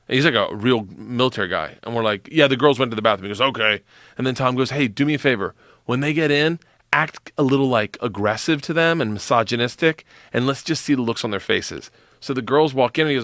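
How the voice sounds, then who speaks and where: A man in casual podcast chat, telling a wild story with lots of energy. He acts out the people in it, laughs a lot and swears freely. His voice sits at an ordinary middle pitch. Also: a little fast, a bit bright.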